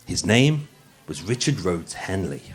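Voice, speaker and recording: A man's voice: low-pitched, big pitch swings, unhurried. A man from Birmingham hosting a true-crime show, telling the story live with jokey asides, stumbling and restarting as he goes. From Birmingham, England. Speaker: true-crime podcast host.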